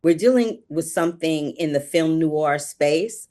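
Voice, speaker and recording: A woman with a notably low voice hosts the interview. She asks her questions playfully and laughs easily at her guests' answers. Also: a little slow, dark tone. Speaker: interview host. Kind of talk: casual interview.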